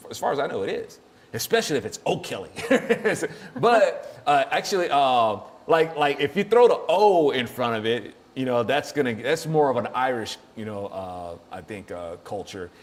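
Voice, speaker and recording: A man's voice: medium pitch, big pitch swings, moderate pace. A man hosting a show, chatting casually and jokily, rambling and laughing often. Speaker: show host. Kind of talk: casual comedic chat.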